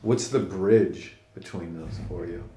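A male podcast host with a somewhat low voice asks curious, winding questions that circle back on themselves. The recording sounds roomy and echoey. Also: unhurried, warm tone. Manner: curious, rambling questions with restarts. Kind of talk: casual interview conversation.

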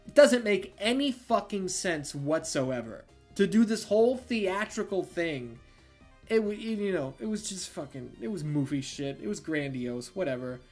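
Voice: mid-range voice, darkish tone. Casual film reviewer, blunt and foul-mouthed, recapping plot with heavy filler words.

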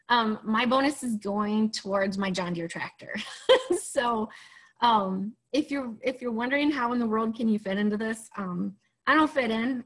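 Thirties woman, upper peninsula michigan accent, rambly casual chat, lots of ums, jokes at herself. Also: medium pitch. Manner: rambling, frequent ums, self-deprecating humor. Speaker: guest sharing her business story.

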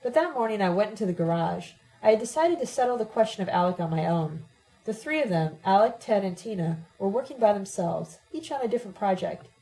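A woman giving a steady, plain first-person audiobook narration. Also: medium pitch, brisk, poor audio. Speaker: audiobook reader.

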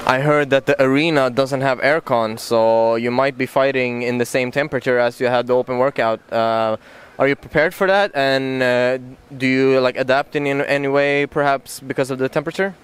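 Male reporter, monotone, very clear voice, rambling stumbling questions. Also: medium pitch, moderate pace. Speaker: interviewer, reporter. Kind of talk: interview questions.

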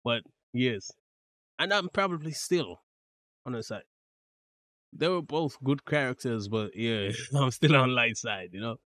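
A man's voice: medium pitch, animated, unhurried, long pauses, a bit bright. A man hosting a reaction video, chatting casually with frequent laughs and stammers.

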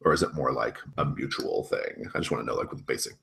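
A man running a tabletop role-playing game, narrating scenes in a loose, casual way. His speech is full of "like" and "kind of". His voice sits very low. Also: quick pace, gravelly, fairly bright tone, slight background noise. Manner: casual, filler-heavy, laughs a lot. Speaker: game master.

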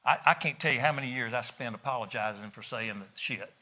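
A middle-aged man, preaching a sermon in a folksy, animated storytelling way. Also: medium pitch, quick pace, background noise. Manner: folksy, animated storytelling with laughs and rising emphasis.

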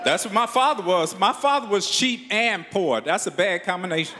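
A man's voice: high-pitched, animated, moderate pace. A man telling a stand-up story, slipping into voices for the people in it. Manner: storytelling, acting out dialogue in voices. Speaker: stand-up comedian. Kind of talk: stand-up routine. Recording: live stage with long reverb and noise.

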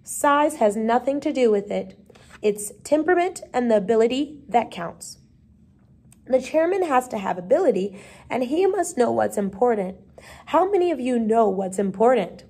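A small, brisk male schoolteacher from a storybook, read by a woman, bossy and quick to brush off ideas. He talks crisply in a slightly high voice and gives orders. He waves away anything he finds dull. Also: animated, dark tone. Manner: crisp, commanding, dismissive.

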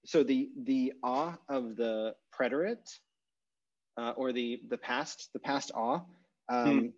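A man teaching an online language class, thinking aloud with many pauses and self-corrections. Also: mid-range voice, a little mellow, lo-fi sound. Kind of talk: explaining grammar in a live online class. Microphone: video call.

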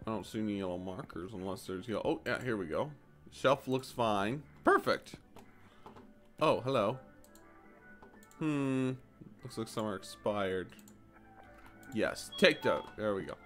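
A man giving casual, animated commentary while playing a store game, jumping to high excited exclamations and mock-polite shopkeeper lines. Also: unhurried, long pauses, soft background music. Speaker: gaming YouTuber.

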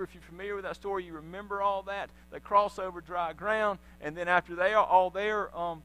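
A man preaches in church, retelling the story with energy and slipping into the voices of its people. His voice sits high and rings bright. A faint electrical hum runs under the recording. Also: moderate pace, low-quality recording. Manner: animated storytelling, acting out voices of biblical figures. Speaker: pastor. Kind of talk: sermon. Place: church sanctuary.

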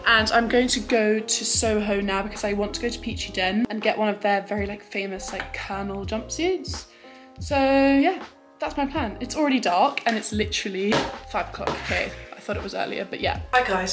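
A young woman, chatting casually and upbeat to camera in a vlog, with "like" in many sentences. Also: medium pitch. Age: young adult. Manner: chatty and upbeat, says "like" often. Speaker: vlogger. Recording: background music under the voice.

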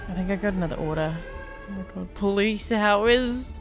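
A young woman, a gaming YouTuber with a mid-range voice at moderate pace, chats and giggles as she plays, often gasping and squealing. Music plays underneath.

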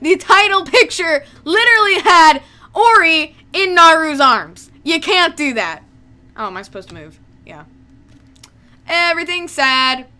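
A young woman playing through a video game, reacting out loud with excitement, emotion and pleading. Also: extremely high pitch, unhurried. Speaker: let's play gamer. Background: faint game music.

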